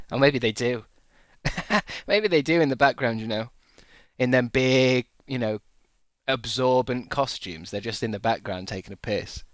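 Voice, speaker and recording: A man in his thirties streams live, chatting casually in a mid-range voice at a slightly slow pace on a dry recording. He rambles through profane jokes and often laughs at his own gags.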